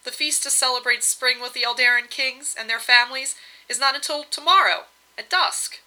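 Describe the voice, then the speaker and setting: A woman's voice: sits high, moderate pace, sharp tone, pitched above the performer's own voice, poor audio. A woman voicing a meek, hasty wind-lord husband. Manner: apologetic, eager to please.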